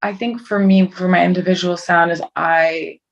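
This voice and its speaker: Low gravelly-voiced young woman guest. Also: fairly even intonation, moderate pace, dull audio. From Toronto, Canada. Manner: chatty, rambling with many likes and restarts. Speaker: guest singer. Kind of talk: casual interview over video call. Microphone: video call.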